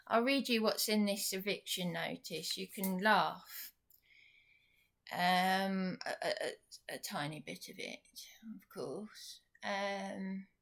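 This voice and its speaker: A woman talks straight to camera in a rambling, indignant vlog. She is sarcastic throughout and speaks at an unhurried, drawn-out pace. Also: medium pitch, a bit bright. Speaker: vlogger. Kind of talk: venting monologue to camera.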